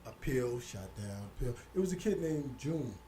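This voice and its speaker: A middle-aged man, telling stories as an interview guest, animated and quick to act out other people's voices. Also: mid-range voice, a little hiss or hum. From Hollis, Queens, New York. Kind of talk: casual storytelling interview.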